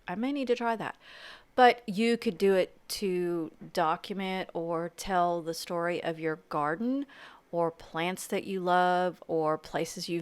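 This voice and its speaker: A middle-aged woman narrates an art journaling lesson over her own video. She is chatty and eager, rushing ahead with little self-deprecating asides. Her voice is smooth and clear, and the recording is close and dry. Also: fairly low pitch, dry recording. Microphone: home voice-over mic.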